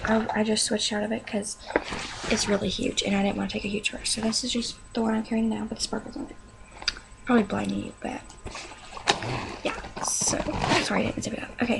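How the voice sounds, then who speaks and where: A young woman casually showing off what she carries, talking slowly and quietly with some rambling, recorded on a webcam. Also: on the high side, vocal fry, noisy background. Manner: talks slow and quiet, rambling. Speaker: beauty vlogger. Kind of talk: casual show-and-tell vlog.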